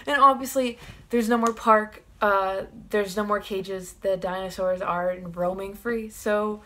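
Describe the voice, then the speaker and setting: Young woman, vlogger, excited, rambling, casual film chat. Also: mid-range voice, measured pace. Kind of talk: casual film opinion vlog.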